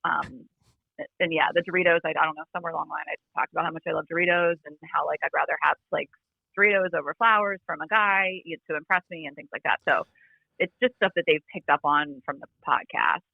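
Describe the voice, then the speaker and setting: A woman chatting as a podcast guest over a remote call, talking quickly with lots of "like" fillers and a fry in her voice. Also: sits low, no room sound. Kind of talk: casual chat. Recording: phone-like remote line.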